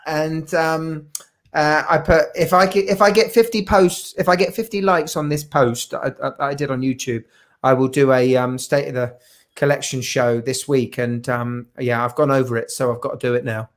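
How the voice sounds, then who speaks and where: A man's voice: medium pitch, steady tone, normal speed. A man on a live video call, chatting casually in a jokey, rambling way with lots of restarts and fillers. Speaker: guest watch collector. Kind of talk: casual live-stream chat.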